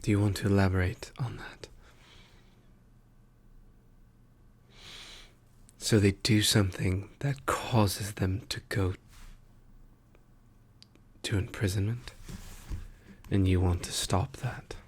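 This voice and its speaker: A wry male trickster god, now a weary file clerk, murmurs in whispered role-play, as a man plays him. The voice sits fairly low and unhurried, drawn out with long pauses, soft and musing. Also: steady tone, husky. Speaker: ASMR performer.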